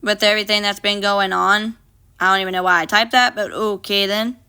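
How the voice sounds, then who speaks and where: With a brisk pace and fairly even intonation, a young woman uses a mid-range, pushed, bright, clean voice. Streaming casually on her phone, she reads viewer comments aloud and answers bluntly, full of swearing.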